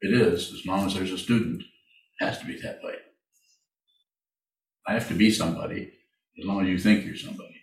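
A man leading a meditation Q&A, speaking slowly and haltingly, often repeating his phrases. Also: deep voice, fairly even intonation, slight background noise. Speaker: meditation teacher. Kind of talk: Q&A in a dharma talk. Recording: echoey room from far off.

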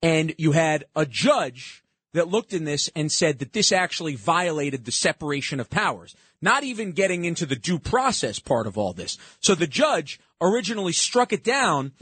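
A man's voice: a little high, very animated, moderate pace, a bit bright, slightly rough, no echo. A man hosting political talk radio, sarcastic and emphatic as he rants and takes callers. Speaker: radio talk show host.

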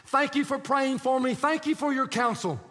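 Man, pastor, sermon, acts out quotes, very high voice, long hall reverb. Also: fairly even intonation, moderate pace, fairly bright tone. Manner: storytelling with acted-out quotes.

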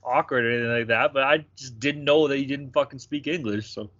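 A man's voice: mid-range voice, fairly quick, fairly bright tone, no echo. A young man co-hosting a sports betting podcast, chatting casually with rowdy, profane banter. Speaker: podcast co-host. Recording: dull lo-fi sound, dry.

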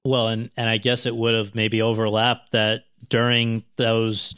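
A man's voice: on the low side, completely flat delivery, measured pace, a bit bright, slight background noise. A man interviewing an actor, asking questions with frequent restarts. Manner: hesitant, restarts his questions.

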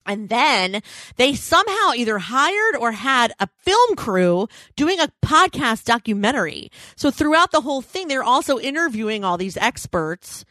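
A woman in her thirties co-hosting a podcast, telling a rambling story in casual chat, full of "like" fillers and quick self-corrections. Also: fairly high pitch, very animated, bright, forceful tone, dry recording. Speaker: podcast co-host.

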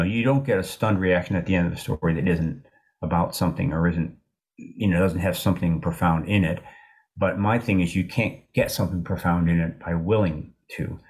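A man in his sixties, an author in an interview, talking in a thoughtful, halting way with many restarts. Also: low voice, a little mellow. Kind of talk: reflective interview talk.

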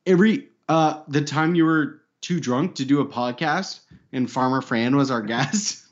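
A man's voice: medium pitch, measured pace, muffled recording. Laughing, joking podcast co-host man. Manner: joking, laughs often, swears. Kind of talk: casual podcast banter.

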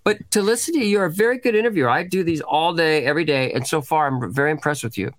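A man's voice: fairly high pitch, fast, a bit bright, no echo. A man in his late fifties, an actor guest on a podcast, telling stories in casual conversation, swearing freely and acting out the voices of the people he quotes. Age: 50s.

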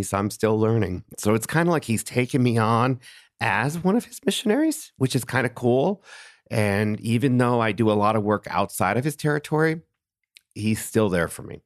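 A man guesting on a podcast tells stories animatedly in a casual interview, laughing as he goes, with lots of fillers and restarts. His voice sits on the low side, captured as clean studio sound with no room sound.

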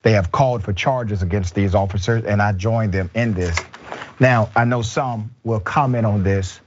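A man hosting a political commentary show with an emphatic, measured delivery. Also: on the low side, background noise. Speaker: show host. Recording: dull, lo-fi sound.

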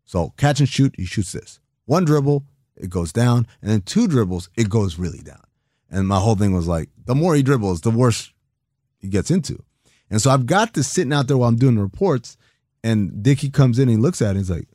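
A man in his thirties telling a long story in a casual, animated way, acting out the people he quotes and swearing now and then. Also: mid-range voice, fairly quick, dry recording, clean studio sound. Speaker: guest.

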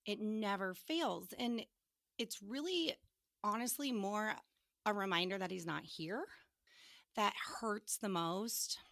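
A woman co-hosting a podcast, a grief therapist speaking candidly in an earnest, halting, emotional way. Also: mid-range voice, vocal fry, fairly bright tone, no room sound, clean studio sound.

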